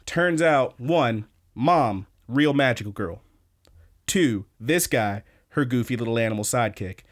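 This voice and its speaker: Young dude on a podcast, hyped, swears a lot, average pitch. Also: male voice, a little slow. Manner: excitable, swears freely, quotes scenes in voices. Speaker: podcast co-host. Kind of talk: casual chat.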